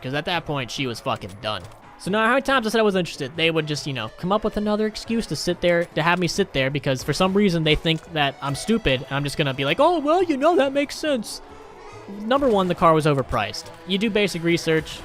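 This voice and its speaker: A man with a slightly high voice tells a story in casual commentary over gameplay. His delivery is animated and profane, swinging widely in pitch as he rants. Faint game music plays underneath. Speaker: gaming YouTuber.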